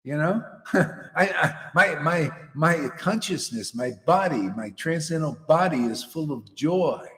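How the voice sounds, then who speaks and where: A man giving a casual devotional talk, animated and slangy, often laughing and calling people "man". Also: on the high side, measured pace, in a large hall. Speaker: spiritual teacher.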